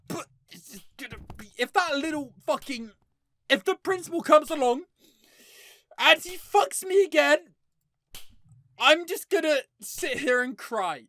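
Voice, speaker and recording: A woman's voice: sits high, bright, forceful tone, no room sound. A young woman commentating her play of a horror game, panicking, laughing and swearing at it. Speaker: gaming YouTuber.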